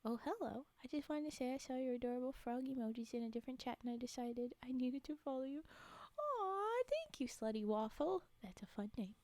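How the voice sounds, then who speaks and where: A young woman hosting a casual live stream, bubbly and apologetic, often slipping into soft whispery asides as she chats with viewers. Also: high-pitched, lively intonation, fairly quick, no echo. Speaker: livestream host.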